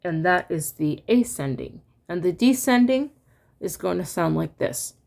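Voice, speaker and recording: A woman explains a music lesson in a slow, unhurried way, pausing often with ums. She breaks off to sing solfege syllables as examples, and a piano can be heard faintly in the background. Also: fairly low pitch, gravelly. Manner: relaxed and halting, many ums, sings solfege syllables to demonstrate. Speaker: music teacher. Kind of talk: casual online music lesson.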